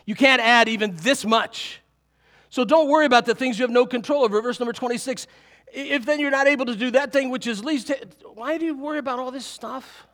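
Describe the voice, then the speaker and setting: Man, middle-aged, pastor, high-pitched voice, animated sermon, chuckles as he preaches. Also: a little fast.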